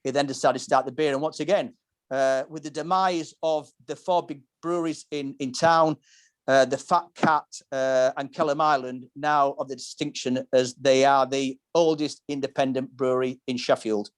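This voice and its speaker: This podcast host has a mid-range voice with fairly even intonation and talks at an ordinary speed. On his casual, pub-style show he spins long, wandering stories full of description and frequent restarts.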